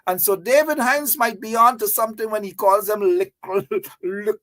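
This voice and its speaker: A man delivers a fired-up political monologue in a high voice. He reads a news clip aloud, then tears into it with scornful repetition and sarcastic asides. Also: a little fast, a bit bright. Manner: indignant, repetitive, mocking. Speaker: political commentary host.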